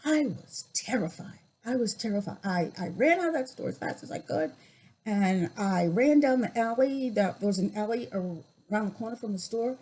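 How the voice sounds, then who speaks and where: A woman in her sixties telling personal stories in a vlog, reflective and unhurried, with pauses and restarts. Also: mid-range voice, a little mellow, breathy edge, rough recording. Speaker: YouTuber.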